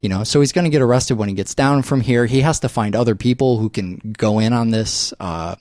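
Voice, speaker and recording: A man at a mid pitch co-hosts a movie podcast from a dry studio, with little room sound on his voice. He talks fast and gets excited, swears freely, and runs himself out of breath. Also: no echo. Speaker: podcast co-host. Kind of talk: casual film chat.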